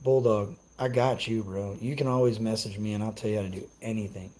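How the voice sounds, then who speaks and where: A man's voice: on the low side, fairly even intonation, brisk, a little mellow, rough recording. A young man on a casual live stream, ranting brashly and cursing as he answers his chat. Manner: profane, brash, trash-talking.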